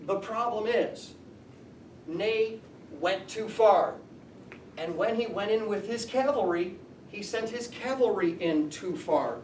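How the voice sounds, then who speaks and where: A man teaching a high school history class, explaining and asking the students questions. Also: unhurried, darkish tone, a little hiss or hum. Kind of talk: classroom lecture. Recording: echoey classroom from far off.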